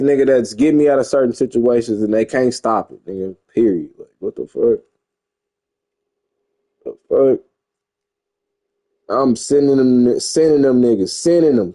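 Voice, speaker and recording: A man's voice: medium pitch, warm tone. A young man talking casually and profanely over his football video game, rambling and boasting. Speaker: gamer streamer. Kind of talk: casual gameplay commentary.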